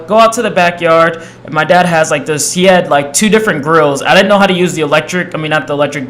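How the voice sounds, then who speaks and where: A young man casually telling a rambling personal story to camera, acting out the people in it. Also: a little high. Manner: rambling, animated, acts out quoted voices. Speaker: storyteller vlogger.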